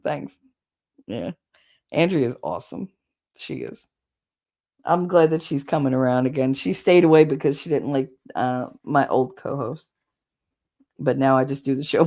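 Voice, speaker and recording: A middle-aged woman hosting a casual livestream, talking bluntly with plenty of swearing and quick laughs while she chats with viewers. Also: low-pitched, a little mellow. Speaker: livestream host.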